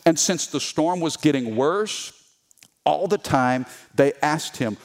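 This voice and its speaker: A man preaching a sermon as a pastor, animated and humorous, reading scripture aloud and calling on the congregation to answer. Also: fairly high pitch, slow. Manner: reads scripture aloud with voiced characters.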